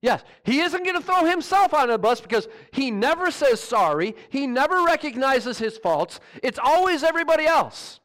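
Man preaching, high voice, lively swoops, rhetorical questions, teasing. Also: moderate pace, hardly any pauses. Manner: animated, mocking, rhetorical questions. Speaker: pastor. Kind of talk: sermon.

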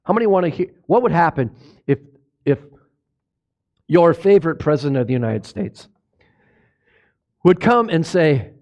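A man preaching a sermon, asking the congregation questions and swinging between hushed low lines and loud exclamations. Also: big pitch swings, normal speed, long pauses. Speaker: pastor.

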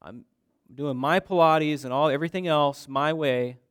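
A self-centred man whines and boasts in a raised, indignant voice, as a preacher puts him on. He sounds pushy and spoiled and is clearly voiced in a sermon. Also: on the high side, moderate pace, no echo, clean studio sound, voice pushed up, lightly acted. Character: self-centred grown man demanding comfort from God.

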